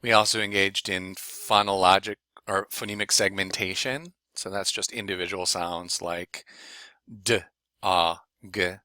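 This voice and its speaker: Man, lecturer, bright voice, dry close sound, explains reading skills. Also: sits low, normal speed, few pauses, no room sound. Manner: sings children's song, then explains calmly. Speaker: education lecturer. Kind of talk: university lecture with sung demonstration.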